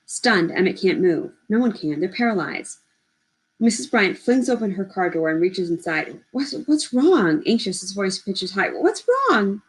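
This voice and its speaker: A woman reading a novel aloud in a measured, steady storytelling voice. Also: medium pitch, poor audio. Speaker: audiobook reader.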